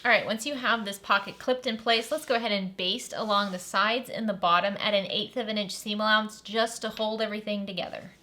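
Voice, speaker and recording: A woman's voice: medium pitch, fairly even intonation, brisk, hardly any pauses, bright, forceful tone, a little hiss or hum. A woman hosting a step-by-step sewing tutorial, upbeat and chatty as she walks through each stage and enthuses over the bag.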